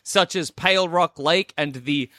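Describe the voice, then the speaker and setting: A man's voice: on the high side, a little slow, pushed and bright, no echo. A man hosting a casual game podcast, playful and jokey, laughing often. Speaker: podcast host reviewing games. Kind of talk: casual chat.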